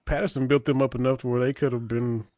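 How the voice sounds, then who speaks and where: A young man with a southeastern Kentucky accent, co-hosting a podcast and telling stories in a folksy, animated way. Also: mid-range voice, fast talker, no echo. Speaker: podcast co-host. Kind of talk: casual chat.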